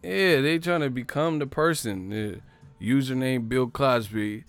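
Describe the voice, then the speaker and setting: A man's voice: mid-range voice, moderate pace, vocal fry, no room sound, faint music behind. A man hosting a livestream, ranting in a brash, profane, casual way and laughing often. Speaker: livestream host.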